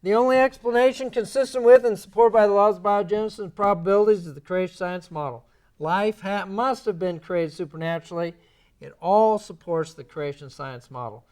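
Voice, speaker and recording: A man giving a creation science lecture in a church, animated and sarcastic in his asides. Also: high voice, a little fast, clean tone. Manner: animated, sarcastic asides, mocking quoted voices. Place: church sanctuary.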